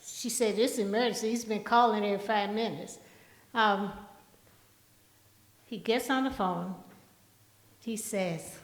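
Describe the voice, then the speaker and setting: Older woman telling stories, slow. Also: mid-range voice. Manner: storytelling, slow and deliberate. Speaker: eulogy speaker. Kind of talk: memorial tribute speech. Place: large hall. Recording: echoey hall, voice from far off.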